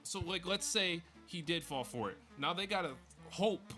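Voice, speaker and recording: A man's voice: high-pitched, expressive, normal speed, bright, forceful tone, soft background music. A man casually reviewing a movie with a friend, arguing his points emphatically and swearing now and then.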